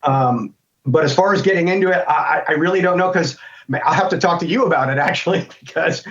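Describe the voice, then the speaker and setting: A man's voice: a little high, fast, fairly bright tone. A middle-aged American man talking as an interview guest, thinking aloud and rambling with many restarts. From United States. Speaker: guest voice actor. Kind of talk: casual interview chat. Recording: dull lo-fi sound.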